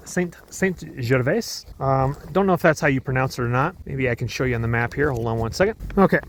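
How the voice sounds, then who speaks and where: A man from Colorado talking casually and enthusiastically to his camera while out on a ski mountain, rambling between observations. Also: on the high side. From Colorado, USA. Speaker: vlogger. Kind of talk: casual vlog narration. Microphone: handheld phone and action camera.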